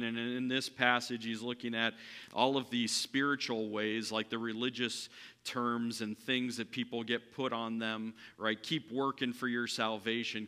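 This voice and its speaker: A man preaching a sermon as pastor, moving between raised, emphatic passages and hushed, soft ones. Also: mid-range voice, smooth. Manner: swings from loud preaching to hushed, soft delivery. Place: large church hall. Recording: hall reverb from a church sanctuary.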